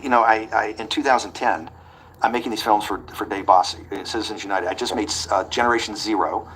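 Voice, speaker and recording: A man being interviewed, telling a long anecdote quickly and acting out the quoted back-and-forth. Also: lowish voice, a bit bright, a little hiss or hum, low-quality recording. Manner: rapid anecdotal delivery that acts out quoted dialogue. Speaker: interview guest. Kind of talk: storytelling in a conversational interview.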